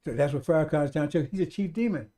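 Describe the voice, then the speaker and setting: A fervent male radio preacher with a mellow, darker tone that sits a little higher than most men's. He repeats his points over and over and keeps calling out to his brothers and sisters, pushing toward loud exhortation. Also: rapid-fire. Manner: addresses listeners as brothers and sisters. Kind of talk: streetwise radio sermon.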